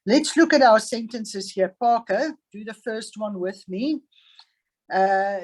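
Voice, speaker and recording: A woman teaches a grammar lesson over a video call, speaking slowly and patiently. She slows down even more to stress each example sentence for her young learners. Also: mid-range voice, low-quality recording. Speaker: English teacher. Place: online class.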